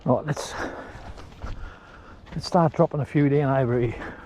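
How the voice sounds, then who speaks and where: A man's voice: mid-range voice, unhurried, a little hiss or hum. A man, talking casually outdoors to his viewers and his dogs while out ferreting. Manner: chatty, talks to his dogs and ferrets, excited calls. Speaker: ferreting vlogger. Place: outdoors in open country.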